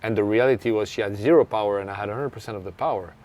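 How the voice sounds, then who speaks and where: This man's voice is fairly low and darkish, and he races through his words. A tennis coach from France with a French accent, he tells an interview story in an earnest, reflective way, reenacting remembered dialogue.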